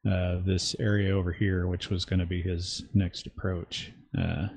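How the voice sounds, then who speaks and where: A low-voiced man with a gravelly, fry-laden tone reads game rules aloud in halting bursts. The sound is dry and close, with no room around it. He talks casually at a tabletop session. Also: little pitch movement, a little mellow, no echo. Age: adult army veteran. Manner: halting, stop-start.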